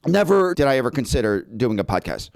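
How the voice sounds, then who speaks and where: Animated man telling stories on a podcast. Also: mid-range voice, brisk, gravelly. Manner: animated storytelling, frequent repeated words. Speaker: podcast host and actor. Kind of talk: casual podcast chat.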